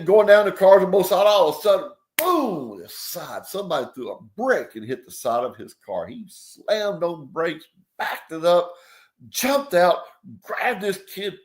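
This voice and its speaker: A man preaching a sermon in a folksy way, acting out the people in his stories and swinging from loud to hushed. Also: medium pitch, creaky. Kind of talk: sermon with storytelling.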